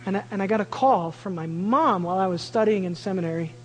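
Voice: mid-range voice, fast, big-room sound, a little hiss or hum, low-quality recording. A preacher giving a sermon, telling a family story and acting out the voices of the people in it.

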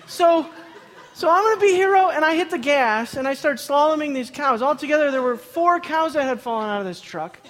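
A man telling a funny personal story to a live audience, excitable, often laughing through his words and repeating himself as he goes. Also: very high voice, brisk, few pauses. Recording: long hall reverb.

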